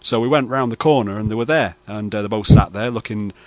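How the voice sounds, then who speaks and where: A man's voice: lowish voice, fast, dry recording. A man hosting late-night radio banter, spinning a mock-serious story full of fillers. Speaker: radio host.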